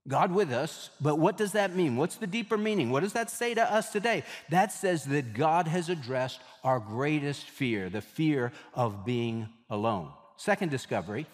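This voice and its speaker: Preaching man in a reverberant hall. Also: a little high. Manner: emphatic preaching, repeats phrases, slows for weight. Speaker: pastor. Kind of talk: sermon.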